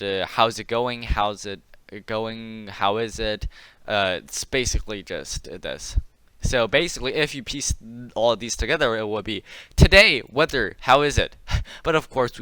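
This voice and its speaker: Guy running a laid-back online class, deepish bright clear voice, dry sound, says words slow so students can copy. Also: no echo. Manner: casual, drills pronunciation, repeats words slowly. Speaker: Chinese teacher.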